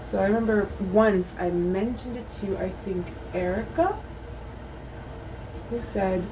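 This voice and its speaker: Woman vlogger, mid pitch, loose self-mocking chatter with swearing, noisy home recording. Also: unhurried, pauses often. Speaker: beauty vlogger; mother of a toddler. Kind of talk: casual chat while doing makeup.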